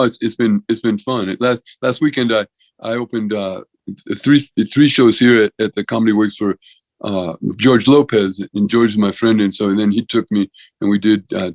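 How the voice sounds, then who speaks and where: Telling rambling stories as a podcast guest, this sixty-something man, who works as both a veterinarian and a comedian, keeps restarting and saying "you know." The voice is lowish and darkish, recorded roughly but without echo.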